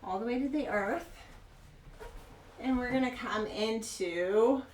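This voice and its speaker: A woman teaching a kids' yoga class, gentle, playful and encouraging as she guides a child through poses. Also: a little high, slow pace, far from the mic, slight background noise. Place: yoga studio. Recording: echoey room, mic from afar.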